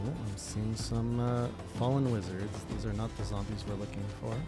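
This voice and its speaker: A man's voice: fairly low pitch, steady tone, moderate pace, loud music behind the voice. A man streaming a game playthrough, rambling playfully and joking between lines of dialogue. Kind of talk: casual game playthrough commentary.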